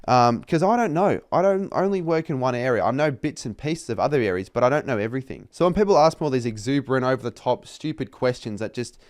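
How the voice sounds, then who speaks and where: With a medium-pitched, expressive voice that races along with hardly any pauses, a young Australian vlogger rants about his retail job, swearing a lot, exasperated, and mocking customers in put-on voices. The recording is dry and studio quality.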